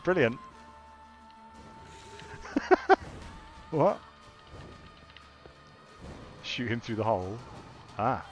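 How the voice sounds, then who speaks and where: A man's voice: on the low side, lively intonation, slow pace, long pauses, faint music behind. A young man casually commenting as he plays a video game, thinking aloud with exasperated asides. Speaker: gamer. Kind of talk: casual let's-play commentary.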